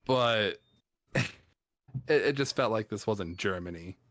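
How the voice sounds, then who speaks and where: Low-voiced man, dry close sound. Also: expressive, slow pace, fairly bright tone, no room sound. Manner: hesitant, lots of ums and hedging. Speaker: film podcast co-host. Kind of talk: casual film review chat.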